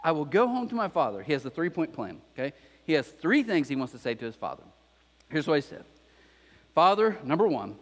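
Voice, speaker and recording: A male pastor delivers a sermon with a high voice that swoops up and down as he tells the story. He drops into little acted-out voices for the characters. His voice carries a long reverb from a large church hall. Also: very animated, brisk, a bit bright. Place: church auditorium.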